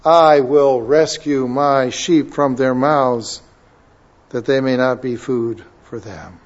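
A male pastor preaching a sermon and reading scripture aloud, building to loud, emphatic declaiming. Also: medium pitch, steady tone, slow, dull audio.

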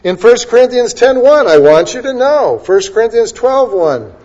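A man's voice: extremely high pitch, big pitch swings, a little mellow, muffled recording. A man preaching a sermon, asking rhetorical questions and rising to emphatic peaks as he quotes scripture references one after another. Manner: preaching, quoting scripture references in quick succession. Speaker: pastor.

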